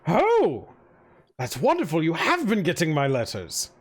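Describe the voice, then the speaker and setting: A man's voice: a little high, wildly swooping pitch, unhurried, heavily acted. A man voicing a fussy, effusive male town mayor who fawns over his guests in a tabletop game. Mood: gushing. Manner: effusive, overly polite host.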